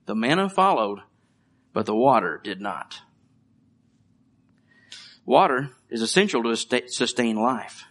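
A man's voice: medium pitch, big pitch swings, measured pace, pauses often, fairly bright tone. A middle-aged man preaching a conversational sermon, reading scripture and joking about his children. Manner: conversational, with light jokes and laughs. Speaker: pastor.

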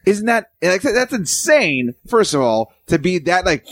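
Animated storytelling man, dry close mic. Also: high-pitched, measured pace, no echo. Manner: storytelling, animated, puts on voices. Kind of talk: crude casual chat.

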